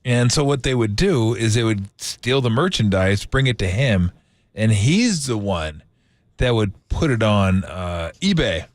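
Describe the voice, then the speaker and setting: A man's voice: fairly low pitch, animated, no echo. A man hosting a sports radio show, chatting casually and laughing often. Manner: laughs often, drawn-out asides.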